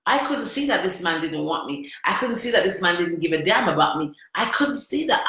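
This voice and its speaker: A woman's voice: on the high side, fairly bright tone. A woman vlogger telling a personal story with emphasis, repeating phrases and asking the listener questions. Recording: very echoey room.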